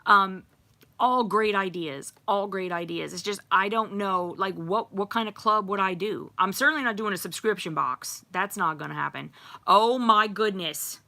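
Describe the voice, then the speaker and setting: A woman's voice: medium pitch, moderate pace, gravelly, pushed and bright. A middle-aged woman hosting a casual livestream, chatting with viewers in a rambling way with frequent ums and little laughs. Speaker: livestream host. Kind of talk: casual live chat reading comments.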